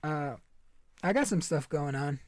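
A man's voice: on the high side, animated, measured pace, dry recording. A young man hosting a podcast, chatting casually in a rambling, laid-back way and swearing a lot. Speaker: podcast host. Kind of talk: casual chat.

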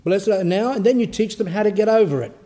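A male priest giving an informal, lively sermon, telling stories with acted quotes. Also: high voice, fast. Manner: animated storytelling with acted quotes.

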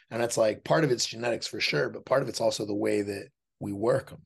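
A man's voice: mid-range voice, fast talker, gravelly, hardly any pauses, slightly rough. A man speaking as a podcast guest in a casual interview, blunt and profane, often acting out other people's voices as he explains his point. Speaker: podcast guest, fighter and dog trainer.

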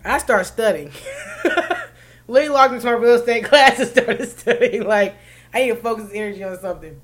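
A woman telling a story in casual chat, profane and animated, with loud bursts of laughter. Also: fairly high pitch, fairly quick, a little hiss or hum. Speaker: podcast co-host telling a story.

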